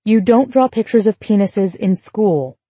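A woman voicing a brisk adult mother who questions her young daughter firmly and pointedly, read as part of an audiobook. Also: mid-range voice, expressive, warm tone, breathy edge, dry recording. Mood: stern.

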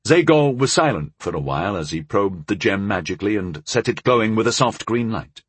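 A male narrator with a low, husky voice reads a first-person fantasy tale, his pitch rising and falling widely as he tells it. The sound is dry and close, with no room around it. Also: a little fast, few pauses, dry recording. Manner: expressive storytelling. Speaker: audiobook narrator.

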